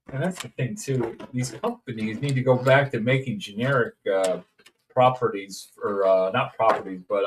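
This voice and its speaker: A man's voice: mid-range voice, slight background noise. Rambling jokey man. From Indiana, USA. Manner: rambling, jokey, sings snippets. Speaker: toy-collecting streamer. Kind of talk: casual unboxing chat. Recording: distant mic.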